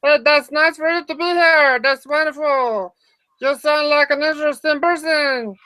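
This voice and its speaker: High, bright silly woman host. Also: fairly even intonation, moderate pace, no room sound. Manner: silly, rambling, giggly. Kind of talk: playful comedic online talk show.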